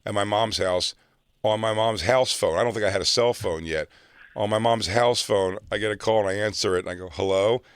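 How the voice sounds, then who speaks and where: A man's voice: lowish voice, brisk, clean tone, no room sound. A middle-aged man from South Jersey, a comedian telling a road story in casual chat and acting out other people's lines. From South Jersey, near Philadelphia. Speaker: comedian guest.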